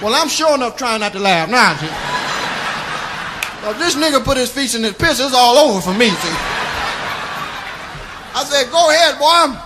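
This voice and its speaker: High-voiced man with a sing-song drawl. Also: animated, normal speed, long pauses, noisy background. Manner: sing-song drawling delivery, breaking into laughter. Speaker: comedian telling a story. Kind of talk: profane comic storytelling.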